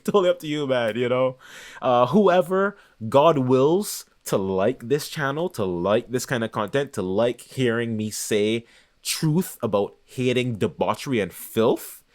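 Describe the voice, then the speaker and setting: A man's voice: mid-range voice, a little mellow. A man hosting his own channel, talking in a casual, unscripted monologue that rambles, searches for words and restarts often. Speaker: channel host.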